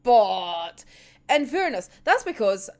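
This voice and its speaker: An excitable woman ranting about a manga chapter, swearing freely and breaking into laughter. Her voice is high, and her pitch leaps about with every outburst. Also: slow. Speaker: manga reviewer. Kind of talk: casual reaction ranting.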